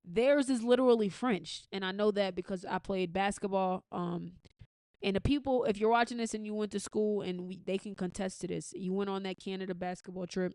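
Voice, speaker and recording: A woman's voice: mid-range voice, steady tone, brisk, a little mellow, clear, resonant tone, no echo. An American woman hosting a podcast, giving blunt, profane commentary in a casual, opinionated way with frequent restarts. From United States. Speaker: podcast host.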